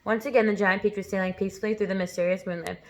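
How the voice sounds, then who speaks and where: A woman reading a children's novel aloud with expressive storytelling. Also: medium pitch, very fast. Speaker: reader.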